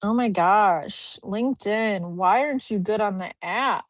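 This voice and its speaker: A woman's voice: mid-range voice, unhurried, no echo. A woman recruiter hosting a live stream, chatting casually and upbeat as she reviews profiles from a home office. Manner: chatty, upbeat, thinks aloud while clicking through profiles. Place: home office with a dog nearby.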